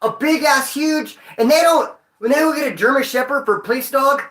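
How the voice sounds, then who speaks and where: A man tells stories to his viewers in a rambling way, heavy with street slang and profanity. His voice is bright and forceful. The room around him is echoey. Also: very high-pitched, a little fast. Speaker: vlogger. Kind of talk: casual storytelling to viewers.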